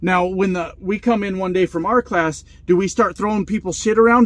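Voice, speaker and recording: A man of about forty, a truck driver vlogger, telling a story in casual, profane, animated style. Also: high-pitched, fairly quick, few pauses, no room sound.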